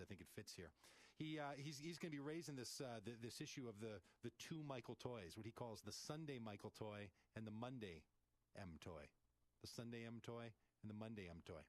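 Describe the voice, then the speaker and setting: A man hosting a call-in radio show, talking casually and reading scripture in a rambling, animated way. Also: lowish voice, no room sound.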